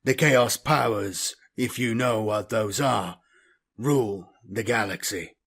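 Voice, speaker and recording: A grave, unhurried traitor captain in power armour, as a man reads him aloud. His voice is gravelly and held low, each word slow and measured. It is an audiobook reading. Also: a bit bright, full character voice. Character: traitor space marine captain, cold, measured.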